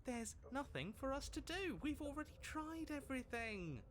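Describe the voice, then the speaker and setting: A man's voice: very high-pitched, sing-song, moderate pace, a crowd in the background. An actor playing a disembodied male game narrator and the hero's anxious inner voices, speaking with urgent, searching shifts of tone. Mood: uneasy.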